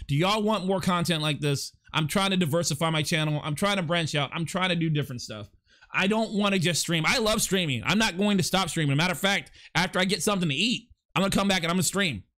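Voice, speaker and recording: Here a young man talks fast in a high-pitched, sharp voice. Hosting his first live podcast stream, he rambles in a casual, chatty way and stammers when reading aloud and responding to what viewers post in chat.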